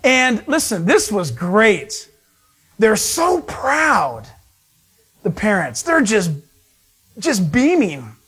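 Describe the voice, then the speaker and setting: A man preaching a sermon, telling stories with animated delivery and acting out the voices of people he met. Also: high voice, very slow, long pauses, husky. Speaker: pastor.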